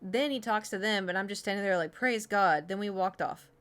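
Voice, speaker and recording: A woman's voice: medium pitch, steady tone, fast talker. A woman in her thirties from Oklahoma, streaming as she reads her old diary entries aloud in a giggly, self-mocking way. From Oklahoma, USA. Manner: giggly, self-mocking, chatty with many fillers.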